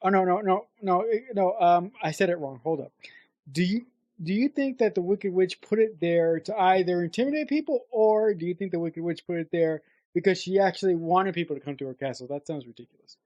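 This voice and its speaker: A woman's voice: on the low side, fairly quick, warm tone, no room sound, lo-fi sound. A woman co-hosting a podcast, chatting casually about a film, hesitant and rambling with many restarts. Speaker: podcast co-host. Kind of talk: casual movie chat.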